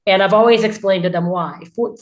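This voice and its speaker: A woman's voice: medium pitch, brisk. A woman hosting a podcast, asking questions in a chatty, casual way with frequent fillers. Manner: chatty, asks questions with many likes. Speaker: podcast host and clinician. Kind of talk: casual interview chat.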